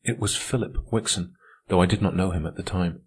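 A man reading an audiobook as narrator, in a measured, steady way. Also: sits low, breathy edge. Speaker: audiobook reader. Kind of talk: scripted narration.

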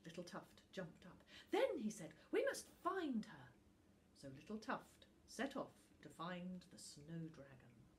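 Expressive woman reading a storybook aloud. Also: lowish voice, slight background noise. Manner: animated, expressive pacing with dramatic pauses.

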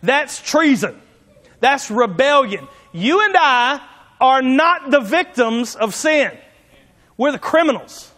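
A preacher whose voice sits unusually high for a man. He preaches in a folksy, emphatic way and returns to the same point again and again. A long reverb from the church hall trails after his words. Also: lively intonation, takes it slowly, bright, forceful tone. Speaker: pastor. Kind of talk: sermon.

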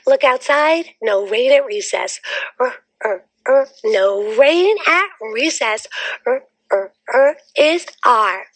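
A woman's voice: high voice, lively intonation, slow, a bit bright, no echo. A woman teacher leading young children in a sing-song phonics chant, sounding out letters rhythmically.

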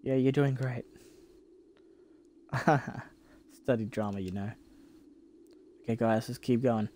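A man's voice: mid-range voice, steady tone, slow pace, dark tone, a little hiss or hum. A man streaming a video game and chatting relaxedly with his viewers. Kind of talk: let's play commentary. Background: game music.

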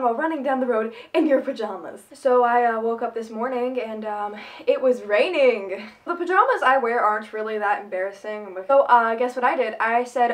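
A teenage girl chatting casually as a fan vlogger at home, answering questions and doing dares, giggly and excitable. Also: fairly high pitch. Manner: giggly and excitable, quick bursts of enthusiasm. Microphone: phone camera.

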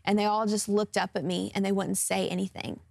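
A woman's voice: mid-range voice, level tone, brisk, gravelly, a little mellow, no echo, clean studio sound. A woman of about twenty, a guest singer sharing her personal testimony in an interview, speaking earnestly and openly with many fillers. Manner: earnest and open, with frequent fillers like "um" and "like".

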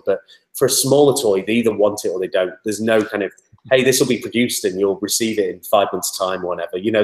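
Startup guest, low voice, chatty and rambling, echoey room. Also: male voice. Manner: chatty, rambling, many fillers. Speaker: interview guest, toy startup spokesman. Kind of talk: casual interview talk.

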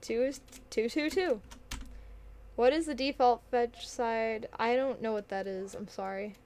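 A young woman streams a game and talks casually to her chat, giggly and quick to get excited. Her voice sits high. Keyboard typing is heard behind her. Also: slight background noise.

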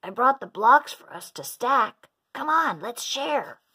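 A woman voicing a greedy, possessive young male dinosaur who shouts and grabs, in a storybook read-aloud. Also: low-pitched, very slow, creaky, husky, heavily acted. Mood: pleading. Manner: loud, grabby, shouting.

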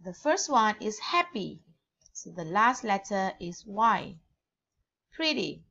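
Slow-spelling Malaysian English teacher. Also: female voice, mid-range voice, sharp tone, muffled recording. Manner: spells words letter by letter, slow and deliberate. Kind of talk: grammar lesson.

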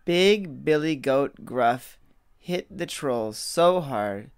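A man reads a children's fairy tale aloud at a very slow, measured pace. His voice sits in an ordinary middle pitch, and the recording is dry and close. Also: lively intonation, clean tone, no room sound. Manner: slow, deliberate reading aloud. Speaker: storyteller. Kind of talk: children's story reading.

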